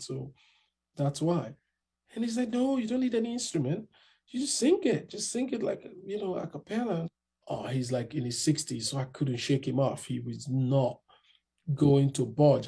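A man's voice: fairly high pitch, vocal fry, dark tone, slightly rough. A young man casually telling his story in an interview, acting out other people's lines in raised voices.

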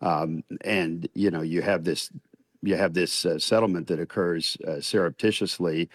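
Deep-voiced older man, measured and deliberate. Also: fairly even intonation, no echo, studio quality. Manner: measured and deliberate, frequent "uh" pauses. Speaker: retired federal judge, interview guest. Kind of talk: radio news interview.

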